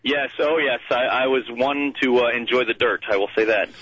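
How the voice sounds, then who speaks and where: Deadpan husky caller on a phone line. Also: male voice, mid-range voice, normal speed, dry recording. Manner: deadpan, dry jokes. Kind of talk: call-in radio chat. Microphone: telephone.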